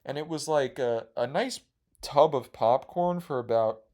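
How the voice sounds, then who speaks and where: A man's voice: medium pitch, a little slow, darkish tone. A young man hosting a podcast, rambling casually on his own with a self-deprecating, profane humor. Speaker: podcast host.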